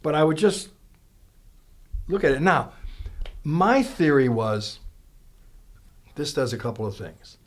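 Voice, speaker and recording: A man, a guest actor, telling unhurried anecdotes in a podcast conversation and acting out the lines he quotes. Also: fairly high pitch, sing-song. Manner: unhurried storyteller who acts out quoted dialogue.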